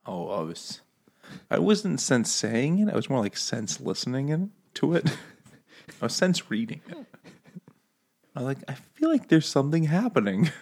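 A man's voice: mid-range voice, huge pitch swings, normal speed, a little mellow, breathy edge. Joking man in casual banter. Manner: joking, self-deprecating banter. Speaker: podcast co-host. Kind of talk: casual book-club chat.

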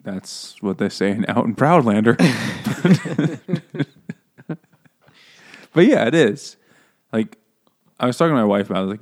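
A man's voice: on the low side, lively intonation, takes it slowly, long pauses. A man co-hosting a casual comedic book chat, cracking jokes and laughing often. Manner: jokey, wisecracking, laughs often. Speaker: podcast co-host.

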